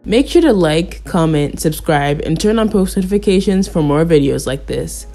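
A woman host reading a scripted commentary voice-over in a measured, critical, matter-of-fact way. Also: lowish voice, animated, warm tone, soft background music.

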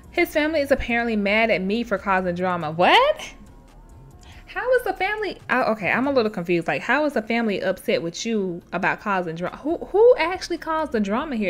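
Woman host, mid-pitched, animated and chatty storyteller who laughs often; faint music bed. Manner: chatty, addresses listeners directly. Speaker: host reading and reacting to online stories. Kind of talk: casual storytelling with commentary.

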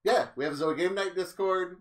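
A man's voice: sits high, brisk. A man co-hosting a game night stream, playful and joking, chatting casually and promoting the show.

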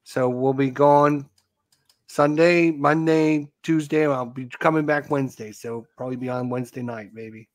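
A man hosting a casual live stream, chatty and quick to tease his co-host. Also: medium pitch, fairly even intonation.

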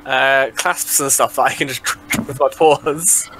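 A man's voice: mid-range voice, steady tone, measured pace, fairly bright tone, poor audio. A man playing in a tabletop game, playful and arguing in jest. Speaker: player.

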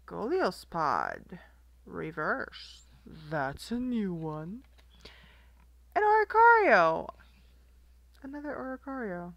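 A woman's voice: on the low side, gravelly, fairly bright tone, dry recording. A young woman casually chatting as she opens trading card packs, giggling often and reading card names aloud. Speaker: card collector vlogger. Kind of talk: casual unboxing chat.

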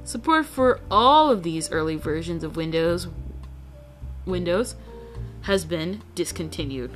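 A woman's voice: fairly low pitch, expressive, measured pace. A woman streamer reading a textbook aloud, often tripping over words and restarting them. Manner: stumbling over words and correcting herself. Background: faint guitar music.

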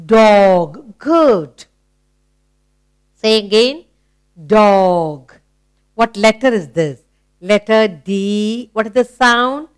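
A woman with an Indian English accent teaching children phonics, asking questions, praising and sounding out letters slowly. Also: mid-range voice, expressive, clean tone, dry recording. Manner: asks questions and praises the listener.

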